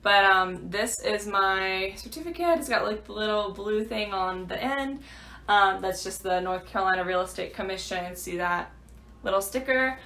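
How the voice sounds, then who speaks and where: A woman's voice: medium pitch, moderate pace, bright, forceful tone. A woman, a new realtor, chatting through a rambling vlog update full of fillers. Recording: echoey room.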